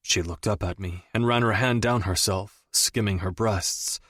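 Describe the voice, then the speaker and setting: A man reading a romance audiobook in the first person, measured and even. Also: fairly low pitch, no room sound, clean studio sound. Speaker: audiobook narrator.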